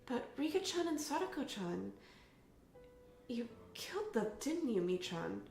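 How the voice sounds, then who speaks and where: A woman's voice: on the high side, big pitch swings, unhurried, gravelly, darkish tone, roomy sound, faint music behind, voice pushed up, heavily acted. A woman voicing a girl who speaks in a cold, accusatory way. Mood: accusing. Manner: cutting, accusatory.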